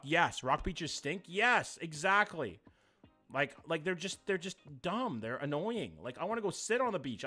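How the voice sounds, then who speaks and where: Animated man streaming live. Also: fairly high pitch. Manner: animated, profane, jokey. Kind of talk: live-stream commentary, reacting and reading chat.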